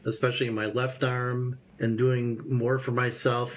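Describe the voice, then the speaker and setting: A man in his fifties, a guest telling a personal story in an interview, lively and acting out the voices he remembers. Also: medium pitch, normal speed, a little hiss or hum. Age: 50s.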